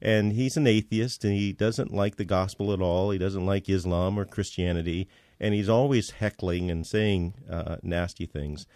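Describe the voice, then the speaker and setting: Low-voiced man telling a story, halting. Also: steady tone, darkish tone, no echo, studio quality. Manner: halting, with many fillers and restarts. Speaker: guest. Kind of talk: storytelling in casual conversation.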